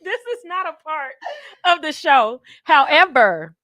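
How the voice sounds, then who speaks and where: A woman's voice: high voice, a little slow, no echo. A woman co-hosting a radio talk show, telling stories with lots of giggling. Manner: giggly, animated storytelling. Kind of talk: casual chat.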